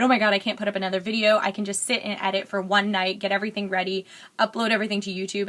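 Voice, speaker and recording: Woman, young adult, beauty vlogger, casual rambling chat, bright voice, candid, at home. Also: mid-range voice. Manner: rambling, candid, filler-heavy chatter. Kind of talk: chatty get-ready-with-me makeup vlog.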